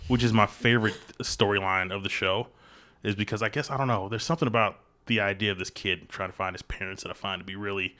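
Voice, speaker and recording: A man's voice: on the low side, a bit bright. A male host in a casual interview, joking and rambling with many fillers.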